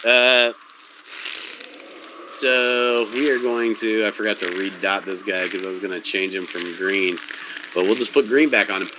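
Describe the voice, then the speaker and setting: A man's voice: lowish voice, measured pace, background noise. Casual, profane game master, man. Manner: casual, profane, stop-start. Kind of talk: running a tabletop game.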